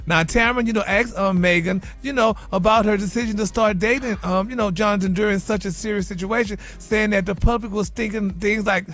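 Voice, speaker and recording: A man's voice: high voice, fairly even intonation, a little fast, hardly any pauses, fairly bright tone, faint music behind. A man delivering a sassy, flamboyant celebrity gossip segment on morning radio, calling everyone honey and baby.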